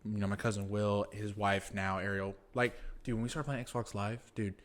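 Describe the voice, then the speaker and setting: A man's voice: on the low side, little pitch movement, normal speed. A man co-hosting a podcast in casual chat, a loose storyteller who says "dude" and "like" a lot and swears freely. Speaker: podcast co-host.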